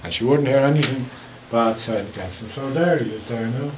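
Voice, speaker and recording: A man's voice: mid-range voice, fairly quick, darkish tone, a little hiss or hum, low-quality recording. A man with an Irish accent giving a local history talk with slides, telling stories in a chatty, wry way. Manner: anecdotal, chatty, wry asides.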